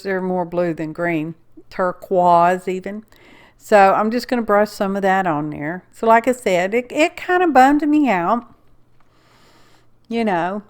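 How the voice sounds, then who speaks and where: A woman's voice: fairly low pitch, measured pace. A middle-aged woman with a drawl talks through her craft project in an easygoing, folksy way. She rambles, backtracks and corrects herself as she works. It sounds like a casual home craft video.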